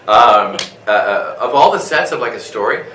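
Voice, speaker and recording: A male voice actor, a guest at a convention interview, telling a story in a lively way, full of fillers, restarts and laughter. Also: mid-range voice, moderate pace, roomy sound, distant mic, a little hiss or hum, rough recording. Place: convention room.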